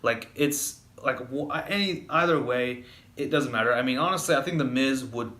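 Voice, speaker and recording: A man's voice: medium pitch, normal speed, pushed and bright, reverberant. A man giving a casual spoken wrestling review, rambling with lots of fillers and restarts, getting heated when annoyed.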